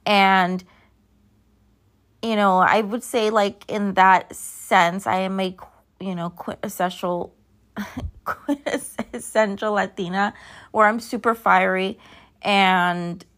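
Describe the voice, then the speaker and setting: A woman's voice: mid-range voice, fairly even intonation, slow, long pauses, fairly bright tone. A woman in her thirties hosting a podcast, chatting casually and sleepily, rambling and drifting off track. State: sleepy, yawning. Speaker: podcast host. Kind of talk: casual solo chat.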